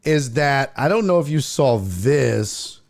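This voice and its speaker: A man's voice: medium pitch, slow pace, gravelly. A man hosting a casual sports talk stream, swearing freely and reading viewer chat aloud. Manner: profane, animated, reads chat aloud. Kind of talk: casual livestream commentary.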